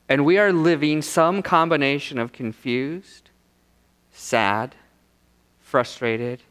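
Animated preacher in a reverberant hall. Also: male voice, fairly high pitch, clean tone. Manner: animated preaching, rhetorical questions, dramatic pauses. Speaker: pastor. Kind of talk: sermon. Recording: long reverb of a large hall.

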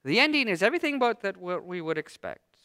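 A man's voice: sits high, quick pace, clean tone, no echo, studio quality. A man preaching a sermon, who acts out a biblical figure's angry complaints in a raised voice. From United States. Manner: animated preaching, acting out Jonah's complaints in a raised voice. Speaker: pastor.

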